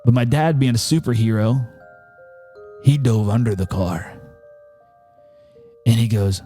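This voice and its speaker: A man's voice: mid-range voice, measured pace, pauses often, dark tone, husky, faint music behind. A man hosting a podcast, telling a personal story and turning it into earnest, emphatic preaching. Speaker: podcast host.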